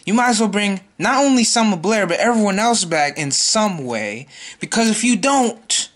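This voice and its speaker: A man's voice: high voice, animated, normal speed, fairly bright tone. A man ranting in a vlog, exasperated and repeating himself as he vows to boycott a movie. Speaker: YouTuber.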